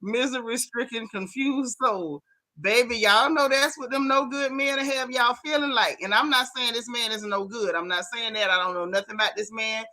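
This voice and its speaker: Brisk and with few pauses, a woman with a slightly high voice hosts a gossip talk stream, casually reading comments. She's animated and talks directly to her viewers, dropping "y'all," "baby," and "honey."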